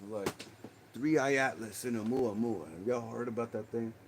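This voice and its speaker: A man's voice: mid-range voice, moderate pace, background noise. A man with a Texan accent hosting a livestream, rambling casually and calling his viewers dude and man. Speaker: livestream host.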